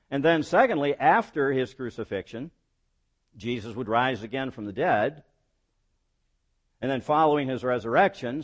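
A man preaching a sermon as pastor, voicing quoted lines with rising emphasis and dropping low on key words.

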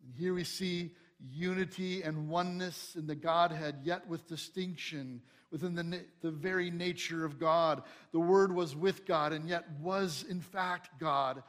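A male pastor delivering a sermon, praying softly at times and preaching with rising emphasis. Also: a little high, fairly even intonation, unhurried, hardly any pauses. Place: church sanctuary.

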